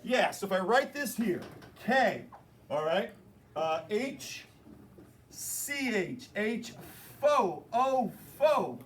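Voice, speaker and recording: A man with a high voice teaches chemistry to a room of students. He explains step by step and drops playful jokes along the way, recorded in the classroom with some faint room noise behind him. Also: big pitch swings, slow pace, a bit bright. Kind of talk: classroom lecture.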